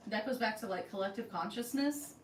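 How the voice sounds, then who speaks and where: A woman with a medium-pitched voice speaks briskly as co-host of a theme park vlog channel, chatting on a casual podcast. She tells stories and acts out the quoted dialogue, heard in an echoey room with a distant mic and faint noise.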